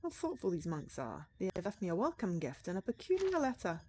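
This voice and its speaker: A woman's voice: medium pitch, huge pitch swings, a little fast, mellow, a little hiss or hum. A woman doing a wry Scottish male writer. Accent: put-on Scottish. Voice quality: mannered, theatrical reading.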